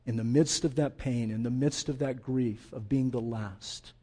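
A middle-aged man preaching a sermon as pastor, impassioned, swinging between loud urging and hushed intensity. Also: mid-range voice, fairly even intonation, unhurried, breathy edge.

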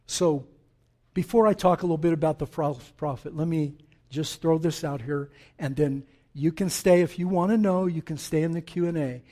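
A man preaching a sermon to his congregation, emphatic and animated, with joking asides to the listeners. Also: fairly high pitch, moderate pace. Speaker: pastor.

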